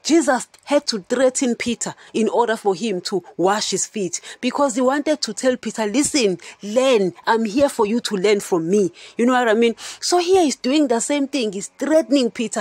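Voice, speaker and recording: A woman's voice: a little high, expressive, normal speed, few pauses, darkish tone, slightly rough, dry recording. A woman hosting a Christian podcast, teaching in a casual, chatty way and often asking her listeners if they understand. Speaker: podcast host.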